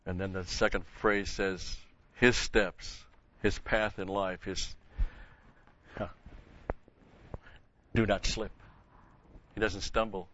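A man's voice: deep voice, little pitch movement, takes it slowly, long pauses, sharp tone. Older man preaching with emphatic stresses. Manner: emphatic, stresses key words, repeats phrases. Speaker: Bible teacher. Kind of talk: sermon. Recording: dull lo-fi sound.

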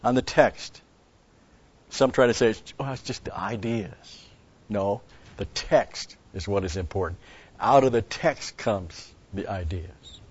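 Guy with a lowish voice teaching bible verses, rambly, dull lo-fi sound. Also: takes it slowly, darkish tone, slightly rough. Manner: rambling with restarts, stressing key words. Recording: dull lo-fi recording.

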